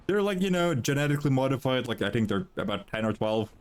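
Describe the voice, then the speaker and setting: A man's voice: medium pitch, very animated, quick pace, clear, resonant tone. A young man casually commenting on a video game as he plays, swearing freely and chattering playfully to his chat and the characters on screen. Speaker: streamer.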